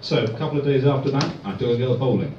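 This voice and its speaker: Man, stand-up comedian, deadpan delivery, distant mic, noisy background. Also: medium pitch, fast. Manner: deadpan one-liners. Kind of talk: stand-up set. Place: comedy club room. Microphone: far phone recording. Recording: echoey dull phone recording from afar.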